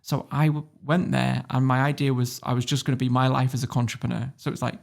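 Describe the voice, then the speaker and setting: A British man in his thirties tells a story as a podcast guest. He is blunt, sweary and animated. His middle-pitched voice has a gravelly rasp. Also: fast. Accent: British English. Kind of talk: casual storytelling.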